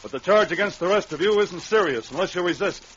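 An actor playing a stern, resolute mounted police sergeant in a radio drama, speaking with authority. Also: male voice, high-pitched, animated, fast talker, a bit bright. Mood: commanding. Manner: commanding, authoritative. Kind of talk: 1940s radio acting. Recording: dull old radio recording with hiss.

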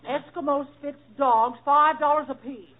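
A woman's voice: high-pitched, fairly even intonation, unhurried. A woman playing a fussy, scolding backwoods wife in a 1940s radio comedy sketch. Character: nagging backwoods wife in a cabin. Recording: tinny old radio broadcast, loud live audience, hiss.

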